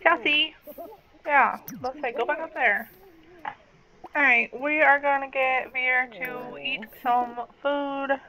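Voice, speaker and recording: A woman's voice: high-pitched, steady tone, slow, dull audio. A woman giving casual gameplay commentary, chatting to her game characters and slipping into baby talk. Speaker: game streamer.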